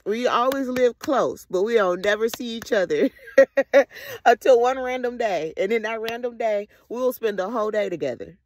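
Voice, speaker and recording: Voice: mid-range voice, lively intonation, moderate pace. A vlogger talking through a casual, rambling reflective monologue full of slang, swearing and frequent laughter.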